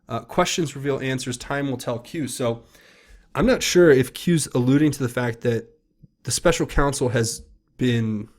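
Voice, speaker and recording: A man's voice: mid-range voice, a little mellow. A man hosting solo political commentary, reading posts aloud in a casual, rambling, emphatic way with many fillers and restarts.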